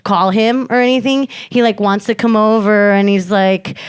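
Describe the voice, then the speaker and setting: A young woman co-hosting a podcast tells a story in slangy, casual chat, acting out quotes and packing in fillers with animated energy. Her voice is medium-pitched and resonant, at a normal speed. The sound is clear with no echo.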